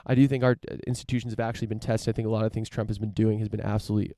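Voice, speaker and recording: A man's voice: on the low side, level tone, racing, mellow, no echo, clean studio sound. A podcast host from the United States, a man riffing through a casual opinion monologue, rambling with lots of fillers, restarts and casual swearing.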